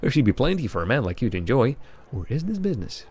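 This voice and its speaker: A man's voice: mid-range voice, big pitch swings, fast, darkish tone. A man voicing a poised, playful woman who owns a club in a video game. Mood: teasing. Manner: raised, lilting, teasing delivery.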